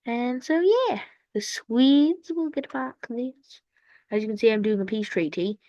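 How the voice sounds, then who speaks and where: A woman's voice: on the high side, animated, a little slow, dark tone, no room sound. A woman giving casual, rambling commentary on a strategy game, with playful asides and sound effects, on a dull lo-fi recording.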